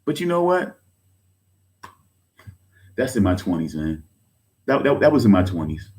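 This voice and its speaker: Very animated yet unhurried, with a slightly mellow voice, a man in his thirties who creates online content rants hotly at his audience through the camera. He swears and repeats himself while addressing them as "folks," and his pitch shoots up as his anger builds.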